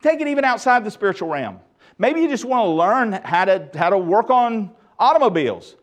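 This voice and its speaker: A middle-aged man preaching a sermon as pastor, emphatic and lively with touches of humor. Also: high voice, a little fast.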